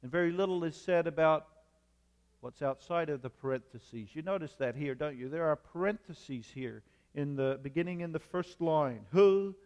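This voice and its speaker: A man's voice: on the high side, a little mellow. Man preaching in a reverberant church. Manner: measured preaching with emphatic repetition. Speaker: pastor. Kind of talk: sermon.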